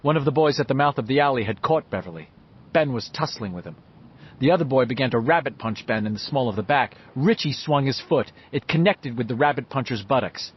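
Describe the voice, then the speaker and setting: Man narrating audiobook, husky, lively pitch, slightly muffled dull sound. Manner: expressive storytelling.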